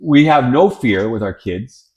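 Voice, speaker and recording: A middle-aged man and father of three on a casual podcast, telling stories with repeated words and acted-out shouts. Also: mid-range voice, a little slow. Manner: lively storyteller, repeats words, acts out shouting. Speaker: podcast co-host. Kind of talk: casual chat, storytelling.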